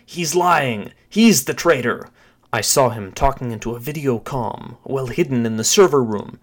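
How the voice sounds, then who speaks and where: A man's voice: medium pitch, moderate pace, natural voice. A man voicing a wounded male spy who pleads urgently. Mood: desperate.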